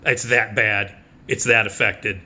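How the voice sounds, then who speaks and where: A bright, forceful male voice in a casual movie preview. He talks bluntly and swears freely. He is sarcastic and dismissive, and he breaks into quick mocking impressions. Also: fairly low pitch, little pitch movement. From United States. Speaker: film critic.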